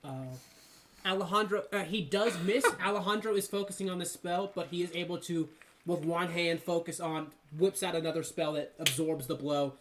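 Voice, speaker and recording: A man's voice: high voice, steady tone, moderate pace, fairly bright tone, slight background noise. A man running a tabletop game as game master, talking loosely with plenty of ums and uhs. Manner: loose and chatty, lots of ums and uhs, breaks into laughter.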